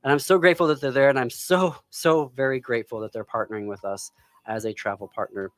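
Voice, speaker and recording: Angry podcast host, dry close mic. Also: male voice, medium pitch, steady tone, no echo. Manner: angry, pauses and sighs, near tears. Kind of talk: impassioned political commentary. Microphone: close studio microphone.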